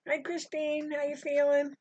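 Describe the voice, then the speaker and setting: A woman's voice: sits high, completely flat delivery, moderate pace, a little mellow, slight background noise. An older woman chatting casually as she teaches a live sewing stitch-along, rambling and greeting viewers by name. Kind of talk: casual live tutorial chat. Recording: dry, dull lo-fi stream audio.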